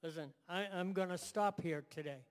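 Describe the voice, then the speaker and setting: High-voiced emphatic man preaching. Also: moderate pace, long reverb tail. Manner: emphatic, repeats phrases in building lists. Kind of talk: sermon. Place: church room with live and online audience.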